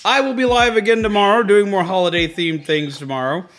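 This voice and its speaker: A man hosting a casual livestream, chatty and excitable, greeting viewers and repeating himself. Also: high-pitched, a little fast. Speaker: livestream host. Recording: faint background music.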